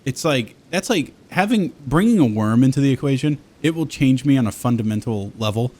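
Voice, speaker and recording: A man's voice: medium pitch, animated, a little fast, a little mellow. Crude joking man rambling casually. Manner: crude joking, swearing, playful put-on voices.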